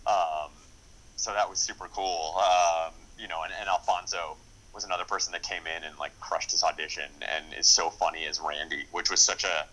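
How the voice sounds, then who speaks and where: Deep-voiced, bright-toned chatty filmmaker man. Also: fairly even intonation, moderate pace, rough recording. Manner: rambling, many fillers and restarts; enthusiastic. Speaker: screenwriter and director. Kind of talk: casual interview.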